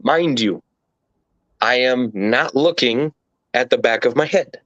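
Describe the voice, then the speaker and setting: An interview guest tells a story casually and animatedly, full of swearing and rambling tangents. His mid-range voice is slow and a bit bright, in a dull, dry, lo-fi recording without room sound.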